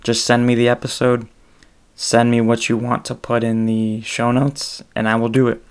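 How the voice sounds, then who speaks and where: Male solo podcaster, casual monologue; gravelly, flat delivery that wanders and self-corrects. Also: medium pitch, normal speed.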